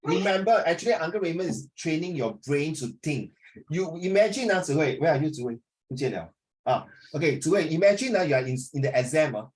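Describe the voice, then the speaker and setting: A man's voice: on the high side, lively intonation, fairly quick, darkish tone. A middle-aged man, teaching an online class in a chatty, teasing way over a video call. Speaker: English tutor.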